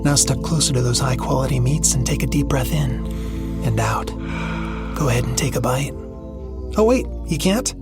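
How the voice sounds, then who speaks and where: A man with a fairly high voice reads a scripted commercial calmly and soothingly, with a playful edge. Clear music plays under him throughout. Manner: calm, soothing, then playful. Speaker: ad voice-over. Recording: studio ad with music bed.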